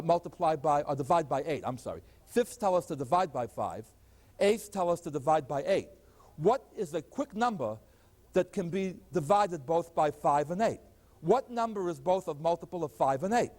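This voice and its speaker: In an old 1980s lecture recording, a math professor with a high, slightly mellow voice teaches arithmetic at a chalkboard. He keeps posing questions and answering them himself. The hall adds a long, lingering echo.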